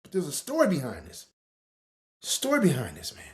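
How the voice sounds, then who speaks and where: Brief: male podcast host, casual storytelling monologue, swings pitch widely, profane and dramatic. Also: huge pitch swings, fairly quick, pauses often.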